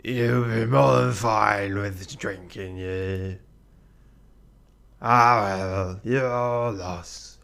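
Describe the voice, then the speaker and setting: A man voicing a drunken, mocking ship captain with a slurred piratey drawl, a gravelly low voice and slow, lurching delivery. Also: steady tone, fairly bright tone, heavily acted. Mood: taunting.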